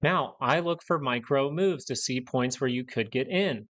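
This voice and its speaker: A young man runs a live stock market stream in a blunt, ranting way. He hammers the same warnings again and again in a mid-pitched voice. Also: normal speed, a bit bright. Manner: blunt, ranting, repeats himself for emphasis. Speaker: stock market livestream host.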